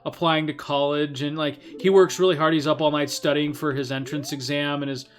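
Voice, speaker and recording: A man's voice: a little high, level tone, fairly quick. A man co-hosting a game let's play, rambling through an invented story with lots of laughter and "like". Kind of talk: casual gaming commentary.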